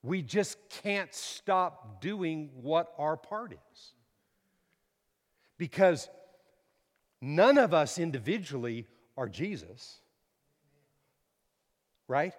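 A middle-aged man preaching a sermon, emphatic, swinging from quiet to loud and repeating words. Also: fairly high pitch, very animated, very slow, long pauses, big-room sound.

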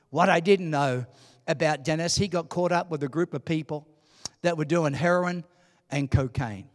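A man preaching to a congregation, with a notably high voice. He tells a story, dropping to a hush and then building to loud, emphatic peaks. His voice carries a long reverb from a large hall. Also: a little slow. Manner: emphatic storytelling, swinging from hushed to shouting. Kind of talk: sermon.

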